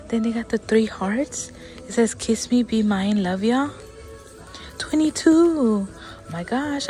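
Slow chatty lady shopping vlog, whispers a lot, gasps, faint music in the store. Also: medium pitch. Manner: chatty, often drops to a whisper, excited gasps. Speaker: vlogger. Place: inside a large department store.

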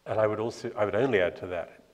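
A man with a plummy British accent speaking on a panel, measured and self-deprecating, with a lot of hesitation. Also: lowish voice. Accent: British, Cambridge-educated. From Ireland. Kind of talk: panel discussion.

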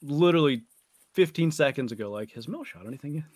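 A man's voice: fairly high pitch, animated, fast, a little mellow, dry recording. An American man co-streaming a game, chatting and teasing with dry jokes. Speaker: guest streamer. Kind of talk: casual gaming stream chat.

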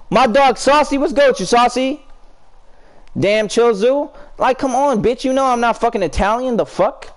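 A young man with a fairly high voice calls out teammates mid-game in heated, cursing trash talk. Between plays he greets his chat and answers viewers, still swearing through it. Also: expressive, normal speed. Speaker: streamer. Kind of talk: live gameplay commentary and chat talk.

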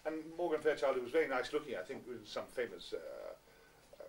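His voice animated and mid-range, a sixty-something actor races through wry, self-deprecating tales for an audience of fans, hamming it up. A faint hiss runs through this far-off amateur recording from a small, full indoor venue.

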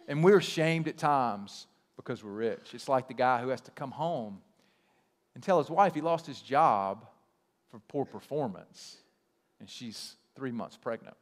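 Guy pastor preaching casual and lively, jokes around, long church reverb. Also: mid-range voice, a little slow. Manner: conversational, animated storytelling with self-deprecating humor. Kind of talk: sermon. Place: church sanctuary.

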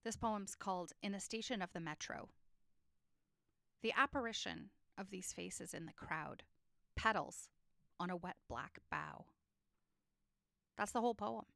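A woman teaching a lesson on poetry structure, explaining clearly and reading poems aloud with feeling. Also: mid-range voice, sharp tone, dry recording, studio quality.

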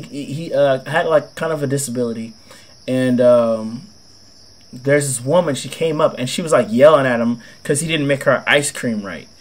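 A young man with a cold, telling a rambling, slangy, swear-filled story in casual gameplay commentary. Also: mid-range voice. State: has a cold. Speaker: gaming video host.

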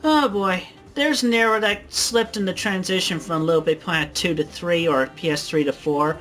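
A woman's voice: on the low side, normal speed, fairly bright tone, soft background music. A woman giving casual, rambling commentary over her own old video, with offhand sighing asides.

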